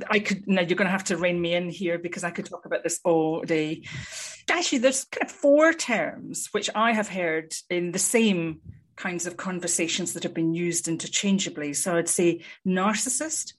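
A woman, a psychologist, explaining her field in a measured, articulate way with frequent ums. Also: on the low side, breathy edge. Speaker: psychologist guest. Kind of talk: conversational expert explanation.

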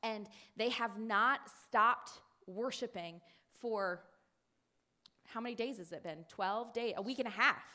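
A woman speaking to a congregation in a sermon-style talk, telling a story with many fillers and quick restarts. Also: a little high, sharp tone. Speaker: church speaker.

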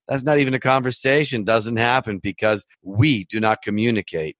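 A man's voice: medium pitch, normal speed, hardly any pauses, dry recording. Emphatic man warning buyers, dry sound. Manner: emphatic, repetitive warnings, storytelling asides. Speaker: loan officer. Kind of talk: direct-to-camera advice talk.

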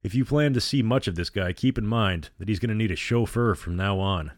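A man's voice: fairly low pitch, fairly quick, no echo, clean studio sound, close to an everyday voice. A man reading the part of a cocky teenage boy who teases his friends, in a storybook reading. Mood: teasing. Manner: teasing.

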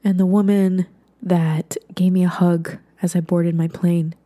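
A woman's voice: lowish voice, flat delivery, measured pace, mellow. A woman hosting a podcast, telling a personal story in an earnest, conversational way with many fillers, sometimes dropping to a whisper for emphasis.

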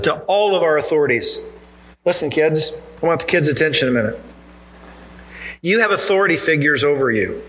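Male pastor, fairly high bright voice, emphatic sermon delivery, addresses congregation directly. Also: rough recording. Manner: earnest, emphatic preaching with pointed repetition. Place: church.

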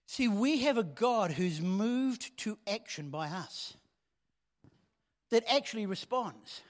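Guy preaching, chatty then suddenly loud, kinda high voice, big echoey church. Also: lively intonation, slow. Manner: conversational preaching with swells of loud emphasis. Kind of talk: sermon. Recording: long hall reverb.

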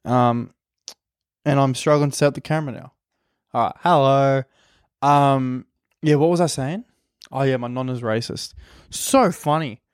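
A man's voice: medium pitch, unhurried, pauses often, clean tone, no room sound, studio quality. A man with an Australian accent, a stand-up comedian rambling crudely through a casual solo podcast. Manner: crude, rambling, heavy swearing.

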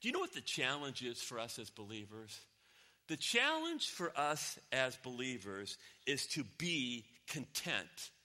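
A man preaching a sermon, swinging from loud exclamations to near whispers to tell a story. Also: medium pitch, very animated, measured pace. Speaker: pastor.

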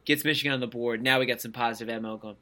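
A man's voice: medium pitch, very fast. A man co-hosting a podcast, chatting casually about college football and mimicking players as he talks. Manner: animated, mimics players with voices. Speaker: podcast co-host. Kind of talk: casual sports chat.

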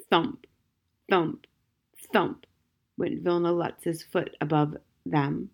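Woman narrating a storybook calmly. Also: on the low side, very slow, creaky, pauses often, slightly rough. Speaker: audiobook narrator. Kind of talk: scripted narration.

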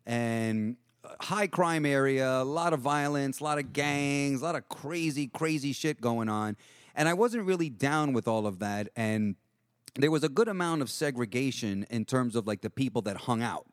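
A middle-aged New man tells a long, rambling story with plenty of cursing. His voice sits at a middle pitch, recorded close and dry. He talks casually, stopping to restart his sentences. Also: animated, moderate pace, no echo. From Jackson Heights, New York. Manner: profane, rambling, acts out voices.

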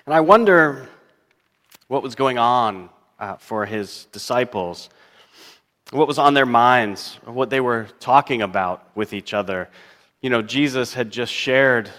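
Slow-speaking male pastor in reverberant church. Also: medium pitch, fairly bright tone. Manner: reflective, musing, wondering aloud; reads scripture in a slow, measured cadence. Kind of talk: sermon. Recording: long reverb of a church hall.

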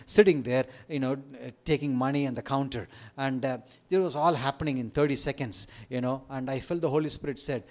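A middle-aged man with an Indian accent, preaching a sermon with rising emphasis and light humorous asides. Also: medium pitch. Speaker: pastor.

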